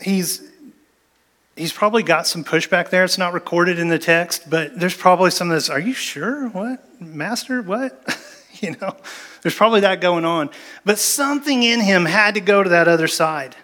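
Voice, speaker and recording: A man with a fairly high voice preaching a sermon. He tells the story with energy, jumping into acted-out lines from the people in it. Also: normal speed. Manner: animated storytelling with acted-out quotes. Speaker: pastor.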